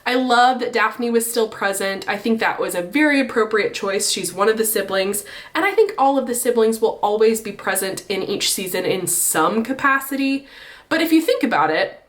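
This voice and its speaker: A woman giving chatty, opinionated commentary in a casual vlog, her pitch swinging up when she makes a point. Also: expressive, moderate pace. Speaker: book and TV vlogger.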